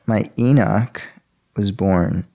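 Young guy with a lowish voice telling his faith story, earnest, lots of um and like. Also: takes it slowly, warm tone. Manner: earnest, many fillers and restarts. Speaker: interviewee. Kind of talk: personal faith testimony.

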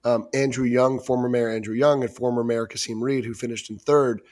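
A man of ordinary pitch hosting a political news podcast. He talks in a loose, conversational way and often restarts his sentences. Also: steady tone, fairly quick, darkish tone. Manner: conversational, many fillers and restarts. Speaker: podcast host. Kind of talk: casual news podcast discussion.

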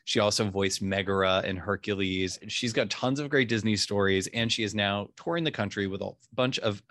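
A man's voice: lowish voice, moderate pace, a bit bright, no room sound, clean studio sound. A man co-hosting a podcast in casual, enthusiastic chat, full of fillers. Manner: enthusiastic, chatty, lots of fillers like "like". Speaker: podcast co-host.

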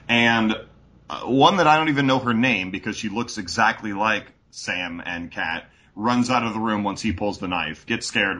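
A man's voice: on the low side, fairly bright tone. A man co-hosting a podcast in casual chat, laughing often and gushing about a film. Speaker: podcast co-host.

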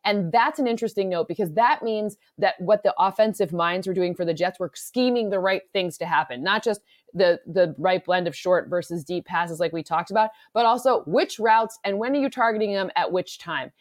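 A woman from Michigan, an analytics expert talking football in a casual podcast chat, fast and rambling with many restarts. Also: mid-range voice, no echo, clean studio sound. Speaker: NFL analytics expert guest.

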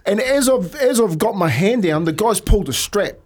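A lively Australian man spins a sporting mishap into a yarn, his voice sitting a little high. He laughs his way through the telling in casual podcast chat. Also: normal speed. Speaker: podcast co-host, former footballer.

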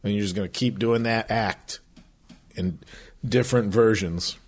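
A man's voice: fairly low pitch, steady tone, unhurried, darkish tone. A man co-hosting a podcast in casual chat, rambling, swearing freely and acting out voices as he tells stories. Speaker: podcast co-host.

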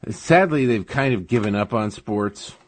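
A man with a lowish voice that rises and falls a lot as he talks. He is a regular guest on a radio show and tells wry, dryly exasperated stories. The sound is dry and close to the mic. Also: lively intonation, measured pace, no room sound. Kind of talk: casual talk radio chat.

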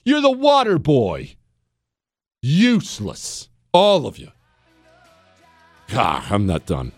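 A man's voice: mid-range voice, wildly swooping pitch, slow pace, no echo, soft background music. A man hosting a talk radio show, ranting with passion and sarcasm into a studio mic.

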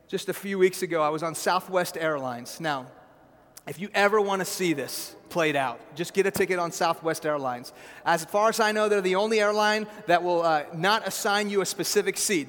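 High-voiced male preacher in a reverberant hall. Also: fairly bright tone. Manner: conversational preaching with asides like "right?" and "okay?". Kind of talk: sermon.

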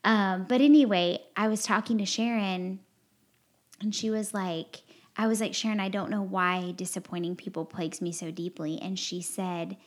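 A woman's voice: mid-range voice, fairly even intonation, normal speed. Earnest, rambling woman podcast host. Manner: earnest, rambling, heartfelt, with frequent fillers. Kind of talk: candid confessional podcast chat.

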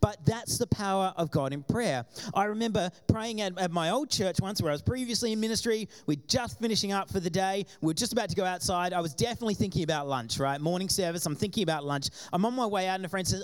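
A man's voice: sits high, quick pace, hardly any pauses, clean tone. A man from Australia preaching a sermon to his congregation, telling personal stories and acting out the voices of the people in them. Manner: animated storytelling, acting out quoted voices. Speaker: pastor. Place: church before a congregation.

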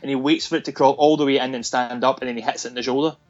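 A man's voice: medium pitch, racing, muffled recording, faint music behind. Man animatedly retelling a film. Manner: animated retelling with laughs, acting out lines. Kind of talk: casual film discussion.

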